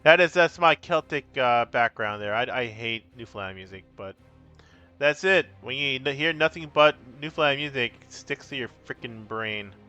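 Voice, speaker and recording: A man's voice: medium pitch, lively intonation, moderate pace, bright, forceful tone, clear, resonant tone, dull audio, soft background music. A man streaming a card game, chatting casually with his viewers in a playful, rambling way. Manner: breaks into silly sing-song. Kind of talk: casual live-stream chat.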